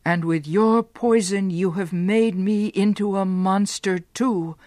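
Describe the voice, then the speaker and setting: A woman reader voicing an anguished young man, speaking in an intense, hushed way. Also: mid-range voice, fairly even intonation, slow pace, no room sound, studio quality, close to an everyday voice. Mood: angry.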